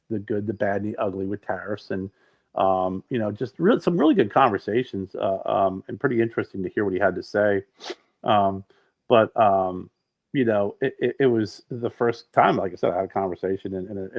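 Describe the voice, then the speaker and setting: A middle-aged man co-hosting a podcast in casual chat, telling rambling, animated stories with many restarts. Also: lowish voice, normal speed, muffled recording. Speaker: podcast co-host.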